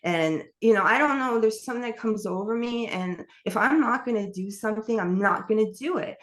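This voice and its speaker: A middle-aged woman from New York, her voice on the high side and a little fast, is interviewed about her life. She relates her story openly and in a rambling fashion, laughing frequently throughout the testimony.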